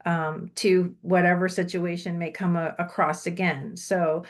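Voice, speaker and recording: A woman's voice: on the low side, level tone, a little slow. A woman hosts a casual online show, leading it enthusiastically with many fillers, heard over a video call. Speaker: host.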